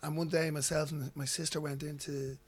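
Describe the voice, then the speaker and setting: Irish man, guest storyteller, slightly high and monotone, rambling delivery. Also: fairly quick, husky. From Ireland. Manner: rambling, repeats words when starting sentences. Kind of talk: casual storytelling.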